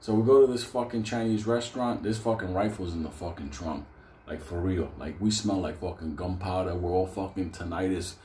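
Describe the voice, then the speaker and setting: A man telling a comedic story from his own life in a profane, animated way, laughing often. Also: low-pitched, a little fast, slight background noise. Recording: roomy echo.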